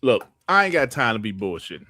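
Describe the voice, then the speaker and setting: A man hosting a gaming podcast livestream, ranting in a heated, profane and animated way. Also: medium pitch, fairly quick, no echo. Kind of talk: livestream commentary rant.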